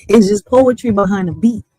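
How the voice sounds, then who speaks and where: A woman's voice: mid-range voice, mellow, breathy edge, dry recording. A woman in her thirties talks casually and freely to her viewers, swearing and breaking into laughter. The sound is dry and close, with no room around it. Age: 30s. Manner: loose, profane and laughing. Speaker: poet and streamer.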